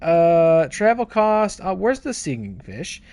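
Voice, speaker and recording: A man's voice: fairly high pitch, big pitch swings, takes it slowly, hardly any pauses, darkish tone, clear, resonant tone. A man streaming a video game, chatting casually with viewers, joking and reading in-game text aloud with his own asides. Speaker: gaming streamer. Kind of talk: casual let's-play commentary.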